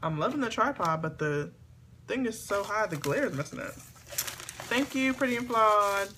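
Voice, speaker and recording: A woman chatting excitedly to camera as she opens gifts, talking to her viewers at home. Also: mid-range voice, moderate pace, a little hiss or hum. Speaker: beauty vlogger. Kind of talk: casual unboxing chat to camera. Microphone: camera on a tripod.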